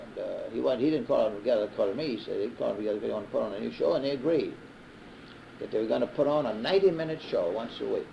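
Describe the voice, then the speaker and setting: A man's voice: mid-range voice, very fast, gravelly. A man in his fifties with a Southern US accent, telling a long rambling story with many restarts and uh's. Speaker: interviewee, radio broadcaster. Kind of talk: casual storytelling. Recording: dull, faintly hissy old reel-to-reel tape.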